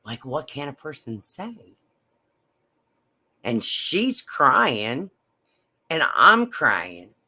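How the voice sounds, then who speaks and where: A woman telling a personal story in a slow, halting, emotional way. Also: rumbling low, huge pitch swings, bright, forceful tone. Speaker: vlogger.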